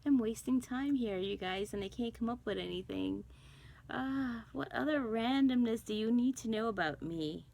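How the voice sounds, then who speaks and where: A woman's voice: on the high side, normal speed, creaky, a little mellow, low-quality recording. A middle-aged woman, born in Guyana and raised in Brooklyn, chatting casually to camera with lots of ums and asides. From born in Guyana, raised in Brooklyn, New York. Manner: chatty, rambling with many ums and self-talk. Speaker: cross stitch vlogger.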